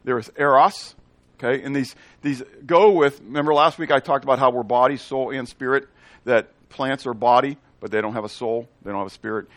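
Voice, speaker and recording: A man's voice: medium pitch, a bit bright, dry recording. A male pastor preaching a sermon, often asking the congregation questions and answering them himself, with playful asides in made-up words.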